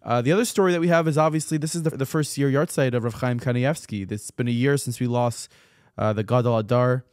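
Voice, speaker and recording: A man's voice: mid-range voice, fast talker, darkish tone, no room sound, studio quality. A man hosting a casual podcast chat, telling news stories conversationally and often repeating words as he gathers his thoughts. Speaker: podcast host.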